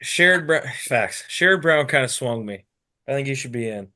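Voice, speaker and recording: A man's voice: medium pitch, animated, normal speed, sharp tone. A man co-hosting a comedy podcast, laid-back, mostly answering with short, dry replies. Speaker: co-host. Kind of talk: casual comedy podcast chat.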